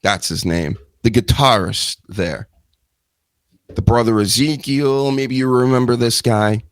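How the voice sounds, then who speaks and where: A man's voice: medium pitch, a little slow, no room sound. Rambling, joking male show host. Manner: rambling, joking, self-mocking asides. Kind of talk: live wrestling news talk show.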